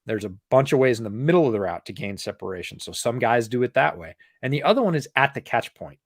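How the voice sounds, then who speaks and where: A man co-hosting a podcast in casual chat, explaining points in a measured way and repeating them for emphasis. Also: mid-range voice, very animated, no echo, studio quality. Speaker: podcast co-host.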